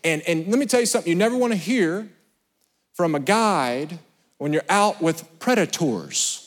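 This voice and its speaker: High-pitched animated male preacher in a hall. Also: normal speed. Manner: animated, storytelling with acted voices, shifts from loud to hushed. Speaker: pastor. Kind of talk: sermon. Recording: long hall reverb.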